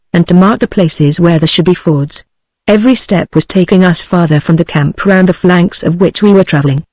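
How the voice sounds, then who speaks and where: A text-to-speech woman's voice with a British English accent, reading a classic novel aloud at an even, steady cadence. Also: lowish voice, no room sound, low-quality recording. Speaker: audiobook narrator.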